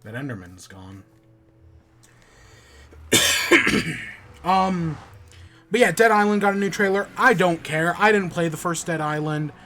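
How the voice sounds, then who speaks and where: Grumbling and cursing through a game, a podcast host keeps up casual, frustrated chatter. His voice sits high with a sharp tone and lively intonation, delivered slowly with long pauses, and faint music runs in the background.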